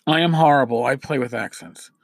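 A man's voice: medium pitch, fairly quick, gravelly, dry recording. A man who grew up in New York City gives game masters casual, rambling advice. He is self-deprecating and often restarts his sentences.

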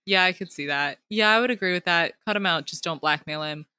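Bright-voiced chatty young woman. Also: on the low side, a little fast, clear, resonant tone, dry recording. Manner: chatty, many "like" fillers, upbeat. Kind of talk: casual book review chat.

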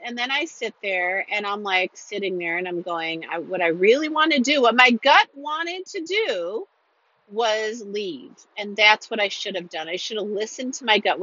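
A woman with a slightly high, bright and forceful voice shares a personal story. She talks earnestly and repeats phrases for emphasis. The recording is muffled and lo-fi. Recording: dull lo-fi recording.

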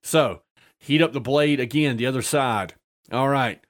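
An easygoing man recounting a tabletop session with loose, unhurried storytelling. His voice sits at an ordinary middle pitch. He scatters "uh"s throughout and laughs at his own jokes. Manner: laughs often while telling a story, with many filler "uh"s. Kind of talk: casual storytelling chat.

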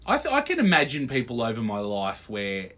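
A man's voice: medium pitch, wildly swooping pitch, fairly quick, a bit bright. A man in casual podcast chat, laid-back and swearing freely as he acts out quoted lines.

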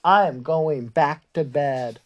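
Woman doing a grumpy sleepy storybook toad, whiny and reluctant, low voice. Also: slow pace, dull audio, slight background noise.

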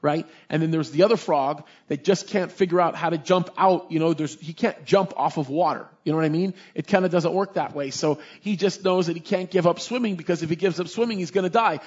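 Man, pastor, sermon, high voice, dull lo-fi recording. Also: brisk, few pauses, breathy edge. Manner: emphatic, repetitive preaching with many "you know" fillers.

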